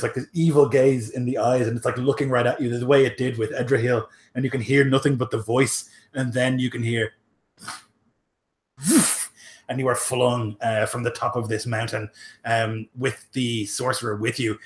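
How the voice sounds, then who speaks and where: A man runs a fantasy tabletop game as game master, describing each scene in loose, filler-heavy narration. His voice sits in a middle pitch, and the recording carries a noticeable room echo. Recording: roomy echo.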